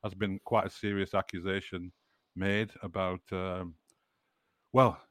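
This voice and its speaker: A man's voice: low-pitched, level tone, measured pace, no echo, studio quality. A man from the Burnley area with a northern English accent, hosting a casual football podcast and chatting with frequent restarts. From Burnley area, northern England. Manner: chatty, restarts words often. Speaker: podcast host.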